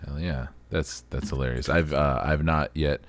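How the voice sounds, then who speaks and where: A man with a very deep voice speaks in a laid-back podcast chat, laughing along and musing on what he hears. The sound is dry and close to the mic. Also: steady tone, normal speed, dry recording. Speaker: podcast co-host. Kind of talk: casual chat.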